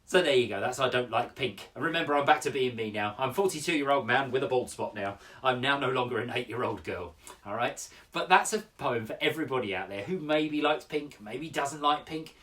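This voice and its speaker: A man's voice: mid-range voice, fairly quick, fairly bright tone, distant mic. A man in his forties, an upbeat poet hosting a casual daily poetry show from home, chatting with lots of ums and uhs. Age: 40s. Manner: chatty, upbeat, full of fillers. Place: home room.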